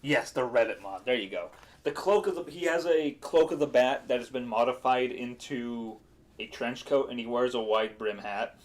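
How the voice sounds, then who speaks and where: A man's voice: mid-range voice, moderate pace. Rambling man recapping a game. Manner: rambling, with fillers and laughs. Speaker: game master. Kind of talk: casual chat stream.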